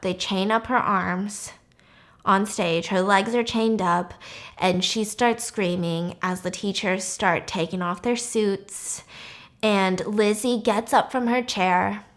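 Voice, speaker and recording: A woman vlogger retelling a story casually and expressively, cursing freely. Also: medium pitch. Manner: expressive, chatty, swears freely.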